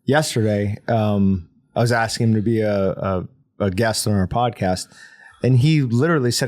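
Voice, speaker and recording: A man hosting a podcast, talking in a chatty, quick, casual way. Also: on the low side, a little mellow, no room sound, studio quality. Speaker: podcast host. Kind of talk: casual chat.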